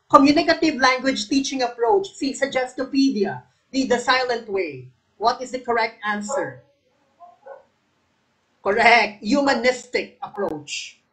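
A woman's voice: fairly high pitch, expressive, a little slow, fairly bright tone, low-quality recording. A Filipino woman coaching a live exam review, quizzing viewers, repeating each question and calling on them by name, sometimes switching into Tagalog. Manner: switches between English and Tagalog.

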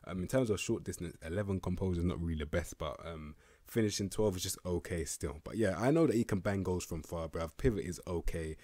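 Young male gaming commentator, very deep voice, casual slangy delivery with the odd swear. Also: brisk, hardly any pauses, mellow, dry recording. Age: young adult. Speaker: gaming youtuber. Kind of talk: casual video game commentary.

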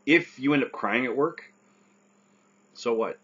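A man's voice: mid-range voice, unhurried, pushed and bright, slightly rough, muffled recording. A man who survived a stroke gives earnest, casual advice, often checking in with "right?".

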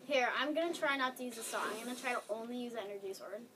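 Woman gamer, casual let's-play chat, excitable, high voice, noisy track. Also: racing, far from the mic. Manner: excitable, chatty, squeals and exclaims often. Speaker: gamer playing with a friend.

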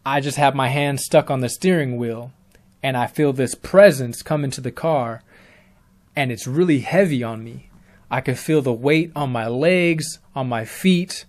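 A young man telling his own story in a plain, casual way, with ums along the way. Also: mid-range voice. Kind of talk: first-person spoken story.

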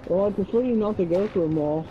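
A man joking with a friend while they play a game, pleading in a slow, goofy way. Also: sits high, muffled recording, faint music behind. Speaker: gamer playing with a friend. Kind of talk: joking gaming banter.

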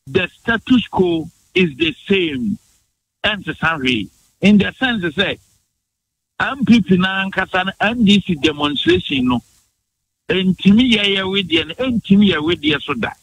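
A guest on a radio morning show, this man from Ghana's Bono region argues politics emphatically and rapid-fire in a Ghanaian accent, mixing in English phrases. His voice is high-pitched, fairly bright and husky with vocal fry, on a low-quality recording.

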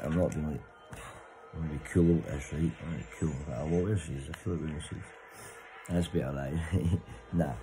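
Bloke, very low and dark voice, loose sweary banter for a vlog. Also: male voice, rough recording. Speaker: vlogger. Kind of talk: casual chat to camera.

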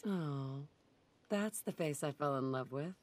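A woman's voice: sits low, unhurried. An actress voicing an affectionate young wife in a video game who fondly admires and teases her husband. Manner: fond, teasing. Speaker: game character.

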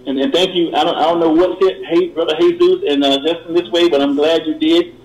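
Earnest halting middle-aged man calling in. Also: a little high, fairly even intonation, a little mellow. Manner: earnest, halting, many repeated words. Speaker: caller. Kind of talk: call-in testimony. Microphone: phone call. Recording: roomy call-in line.

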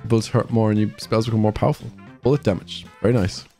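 A man with an Irish accent hosting a casual gaming session with friends, excitable and slangy, laughing often and calling everyone mate. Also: lowish voice, fast, faint music behind. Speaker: gaming video host.

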